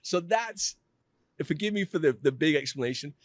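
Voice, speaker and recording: Earnest storytelling man, slightly high voice. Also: lively intonation, moderate pace, dry recording, studio quality. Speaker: guest. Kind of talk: personal storytelling in a podcast interview.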